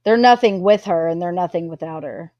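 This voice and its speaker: A woman's voice: fairly low pitch, a little fast, lo-fi sound. A woman hosting a live stream, recounting news with many fillers. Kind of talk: casual live-stream recap.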